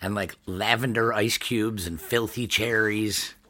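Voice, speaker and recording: A young man from the Niagara Falls area of New York co-hosts a casual podcast, telling a story about a dinner. His voice is on the low side, sharp, unhurried, and fairly even in intonation, and he laughs often while acting out quotes.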